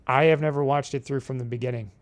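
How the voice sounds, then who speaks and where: A man's voice: medium pitch, steady tone, fast talker. A man co-hosting a podcast, chatting casually and adding dry, wry remarks. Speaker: podcast co-host. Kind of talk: casual chat.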